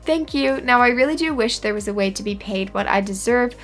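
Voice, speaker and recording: Woman, vlogger, slightly high pitch, sarcastic, dry humor, casual chat. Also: animated, fairly quick, fairly bright tone, soft background music. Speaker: gig delivery shopper and vlogger. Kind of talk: casual vlog, reading out a chat log.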